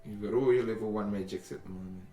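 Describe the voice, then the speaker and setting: A man running a tabletop game as game master, narrating scenes with a few halting restarts. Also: fairly low pitch, fairly even intonation, mellow. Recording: roomy, distant mic.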